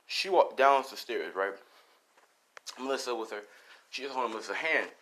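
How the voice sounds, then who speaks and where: A man's voice: mid-range voice, expressive, normal speed, fairly bright tone, poor audio. A man casually retelling a fan-made story, rambling, with fillers and swearing. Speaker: channel host.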